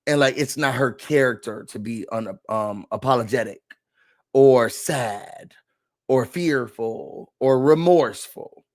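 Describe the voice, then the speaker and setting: A man hosting a casual reality TV recap, talking in an animated, dramatic way with slangy asides. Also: medium pitch, takes it slowly.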